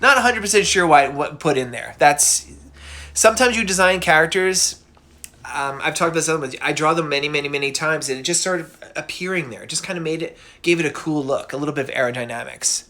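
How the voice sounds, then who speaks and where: A middle-aged cartoonist who hosts a myth show retells a myth in a casual, goofy way. His voice is a little high and sharp, and he talks fast, chatty and full of fillers, as in casual storytelling.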